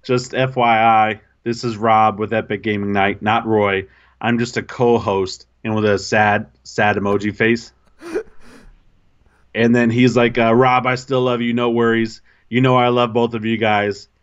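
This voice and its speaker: A man co-hosting a podcast, telling an embarrassing story in casual, animated, self-mocking chat. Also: on the low side, unhurried, clear, resonant tone, dull audio. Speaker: podcast co-host.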